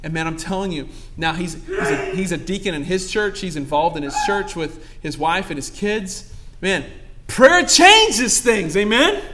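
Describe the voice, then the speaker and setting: A man's voice: fairly high pitch, normal speed, hardly any pauses, fairly bright tone, a little hiss or hum. A young pastor preaching a sermon to his congregation, calling out asides and asking for amens. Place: church sanctuary.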